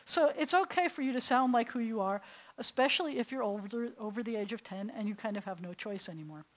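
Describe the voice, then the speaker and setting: Speaking at a quick pace in an expressive, slightly high voice, a middle-aged woman rabbi teaches beginning Hebrew to adults in a synagogue classroom. She tells stories as she asks the class questions, captured on a rough recording.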